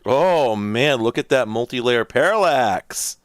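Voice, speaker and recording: A man's voice: medium pitch, animated, a little slow, smooth, no echo, studio quality. A man hosting a casual let's-play, rambling and thinking aloud with lots of fillers as he plays. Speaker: host.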